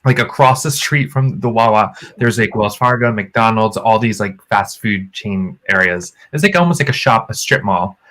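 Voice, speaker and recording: A man's voice: fairly low pitch, moderate pace, few pauses, a bit bright. A man co-hosting a podcast, telling a story animatedly and acting out the quotes in a raised voice. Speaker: podcast co-host. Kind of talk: casual storytelling chat.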